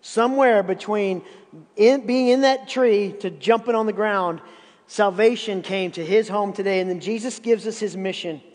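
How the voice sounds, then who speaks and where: A man's voice: high-pitched, normal speed, a little mellow, long reverb tail. A man in his fifties preaching a sermon as pastor, emphatic and often repeating words to drive a point home. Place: church sanctuary.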